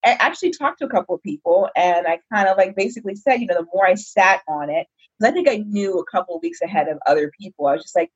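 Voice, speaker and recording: Very husky woman chatting, lo-fi audio. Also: on the low side, fast. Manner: chatty, many fillers like "like". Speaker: podcast guest, former client. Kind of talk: casual chat. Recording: dull lo-fi audio.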